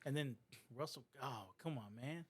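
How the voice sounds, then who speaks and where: A man's voice: mid-range voice, normal speed, breathy edge. A man co-hosting a podcast in loose casual chat, rambling and acting out other people's lines. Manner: rambling, acts out quoted voices. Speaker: podcast co-host.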